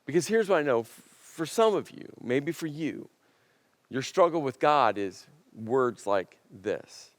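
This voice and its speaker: Animated preaching man, dry sound. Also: medium pitch, unhurried, no room sound. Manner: conversational, animated, acts out quotes. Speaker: pastor. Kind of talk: sermon.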